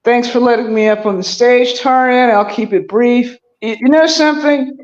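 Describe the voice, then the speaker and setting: A woman's voice: a little high, normal speed, darkish tone, muffled recording. A woman calling in to a live stream, arguing emphatically and throwing out rhetorical questions. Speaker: caller. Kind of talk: call-in commentary.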